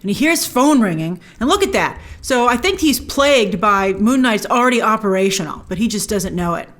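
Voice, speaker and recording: A woman's voice: medium pitch, lively intonation, a little fast. A woman hosting a trailer breakdown, chatting enthusiastically with lots of restarts. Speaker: host.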